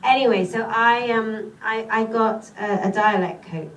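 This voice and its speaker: A woman's voice: fairly high pitch, fairly even intonation, unhurried, a bit bright. A woman with a British accent, an actress answering questions at a screening Q&A in a chatty, self-deprecating way. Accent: British English. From Britain. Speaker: actress and panel guest. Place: cinema theater, audience present. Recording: echoey theater, far from mic, faint hiss.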